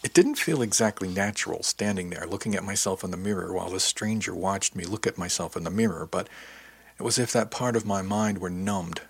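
Deep, husky male narrator. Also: fairly quick, no echo. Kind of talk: audiobook narration.

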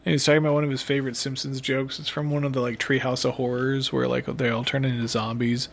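Gravelly man in casual chat. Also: medium pitch, flat delivery, fast, slight background noise. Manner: chatty, laughs often, trails off mid-sentence.

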